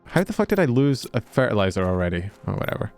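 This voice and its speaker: This Scottish gamer has a fairly low, creaky voice with big pitch swings and a fast delivery. Soft music runs underneath as he chats with viewers, jokes, and swears liberally while playing.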